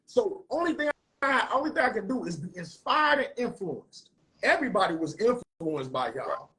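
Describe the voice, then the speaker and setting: Animated high-voiced St. man. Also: normal speed, low-quality recording. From north side of St. Louis. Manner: animated, profane storytelling. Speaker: host. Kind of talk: casual conversation.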